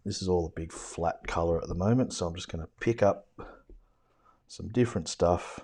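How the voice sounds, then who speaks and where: A man's voice: deep voice, normal speed, mellow, husky. An Australian man giving a casual watercolour demo, muttering offhand remarks to himself as he paints and sometimes dropping to a whisper. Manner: self-mocking, offhand with mild swearing.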